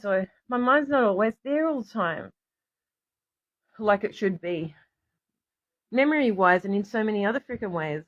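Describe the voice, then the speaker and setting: A woman's voice: medium pitch, animated, moderate pace, long pauses, muffled recording. Rambling Australian woman, raw and sweary. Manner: rambling, emotional, swears freely, talks to commenters. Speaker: vlogger addressing viewers. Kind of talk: rambling livestream chat.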